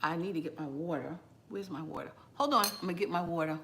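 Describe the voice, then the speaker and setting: A woman hosting a home cooking channel, chatting casually with viewers while she eats, relaxed and laughing often. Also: lowish voice, fast, a little hiss or hum. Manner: chatty and relaxed, talks between bites and greets viewers by name. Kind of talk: casual live chat while eating.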